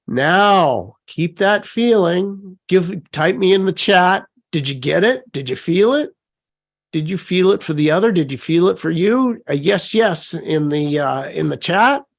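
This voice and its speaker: A man leading a guided live online session, gently coaxing his listeners, repeating prompts and reading out their chat comments. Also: high-pitched, gravelly. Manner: reads out chat comments warmly. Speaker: session facilitator.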